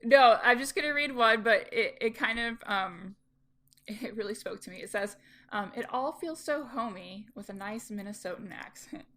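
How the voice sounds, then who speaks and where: A woman's voice: on the high side, normal speed, fairly bright tone. A woman hosting a podcast, asking questions in a chatty, enthusiastic, rambling way. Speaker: podcast host. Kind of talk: casual interview.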